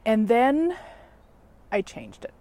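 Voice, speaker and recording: A woman telling a story in a chatty, animated vlog from outdoors in a backyard, laughing at herself as she goes. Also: a little high, slow pace, a little hiss or hum. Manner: chatty, animated, self-mocking. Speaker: facilitator and show host.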